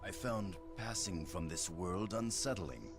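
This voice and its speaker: A man voicing a solemn, grave male adventurer companion, deep and slow, in a let's-play video game. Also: animated. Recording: lo-fi with game music behind.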